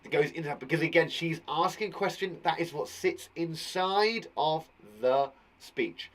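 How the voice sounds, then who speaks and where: A man's voice: a little high, normal speed, hardly any pauses. A man teaching a children's punctuation lesson online, chatty and playful, with jokes between his explanations. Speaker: primary school teacher.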